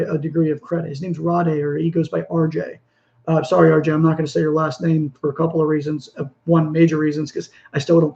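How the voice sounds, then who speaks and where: A man's voice: a little high, creaky, dark tone, dull audio. A man hosting a self-help talk, speaking earnestly in a rambling monologue with frequent restarts. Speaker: podcast host. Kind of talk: motivational monologue.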